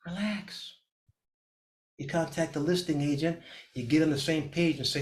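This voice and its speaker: Energetic middle-aged man teaching real estate. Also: on the high side, moderate pace, pauses often. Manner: energetic, acts out panicked clients in a raised voice. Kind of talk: motivational class talk. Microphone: video call.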